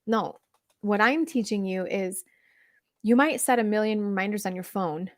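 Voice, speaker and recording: A woman coach chatting through a livestream Q&A, reading viewer comments and answering in an animated, laughing way with lots of fillers. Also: medium pitch, moderate pace, no room sound, clean studio sound. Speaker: weight-loss coach.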